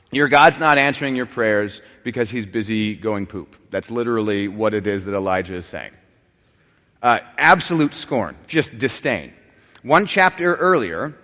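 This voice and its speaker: A man of middle pitch teaches scripture in a lively, digressive way, stumbling and restarting as he goes. His voice carries a long reverb, as if recorded in a large hall. He rises and drops in volume as he builds his points. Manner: animated, many restarts and asides. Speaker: preacher. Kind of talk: Bible teaching.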